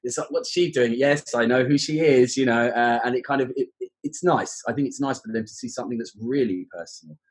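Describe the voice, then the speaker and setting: A man's voice: mid-range voice, a little fast, hardly any pauses. A man from southern England with a London accent, chatting in a casual podcast conversation about teaching exams, full of fillers and restarts. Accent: southern English, London. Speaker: guest, exam teacher.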